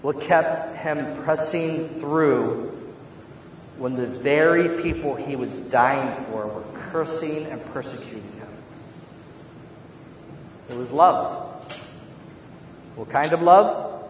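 A man preaching a sermon as a pastor, earnest, moving between hushed tones and loud emphasis. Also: medium pitch, takes it slowly, long pauses. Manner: earnest, shifts from hushed to shouting. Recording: echoey hall, dull and slightly noisy.

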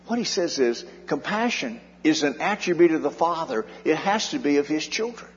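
A pastor delivering an earnest sermon, his fairly high male voice swelling and dropping to drive points home. The sound is dull and muffled. A long reverb trails his words through the church hall. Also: lively intonation, moderate pace, hardly any pauses. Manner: earnest preaching, rising and dropping in volume for emphasis. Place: church sanctuary.

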